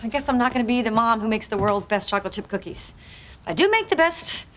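An actress in her thirties playing a driven young woman, a frustrated home baker, brisk and emphatic. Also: fairly high pitch, expressive, close to an everyday voice. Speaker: sitcom character. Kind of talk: sitcom acting. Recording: noisy TV soundtrack with studio laughter.

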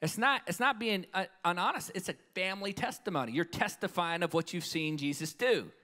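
A male evangelist delivers a live sermon at a conference. His voice sits a little high, and he preaches with emphatic, storytelling energy, often pausing for an amen. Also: sharp tone. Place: conference hall with live audience.

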